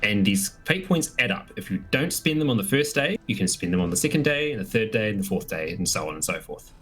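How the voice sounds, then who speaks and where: A man's voice: lowish voice, big pitch swings, fast, fairly bright tone, slightly rough, faint music behind. A man running a tabletop game as game master, explaining rules.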